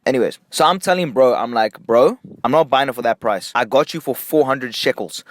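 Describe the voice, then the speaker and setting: A young man from Nigeria telling a casual story-time vlog, jumping between hushed asides and excited, high bursts. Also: quick pace, few pauses, no room sound. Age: young adult.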